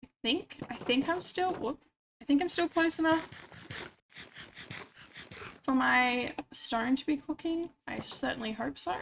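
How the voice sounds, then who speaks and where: A woman's voice: high-pitched, measured pace, creaky, pauses often, fairly bright tone, slight background noise. Chatty woman, stuffy-nosed. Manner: chatty, rambling, self-mocking asides. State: stuffy nose. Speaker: livestreamer. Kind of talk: casual chat while gaming. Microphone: desk microphone.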